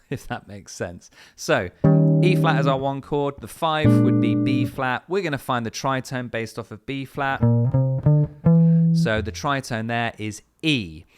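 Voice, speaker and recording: A man teaching guitar step by step, in a patient, explanatory way with frequent fillers. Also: mid-range voice. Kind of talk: step-by-step music lesson. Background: his own guitar playing between phrases.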